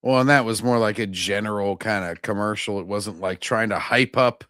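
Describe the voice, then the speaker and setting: A man's voice: lowish voice, moderate pace, sharp tone, dry recording, studio quality. A man hosting a podcast in casual, jokey chat. He laughs often and acts out scenes. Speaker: podcast host.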